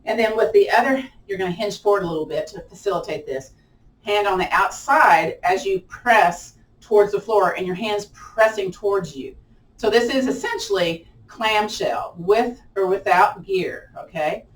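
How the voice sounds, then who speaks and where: Heard from a distant mic in an echoey room, a woman guides a live online chair yoga session. Her mid-range voice moves at a moderate pace and has a lilt, and she stays chatty and upbeat, whooping playfully as everyone holds poses.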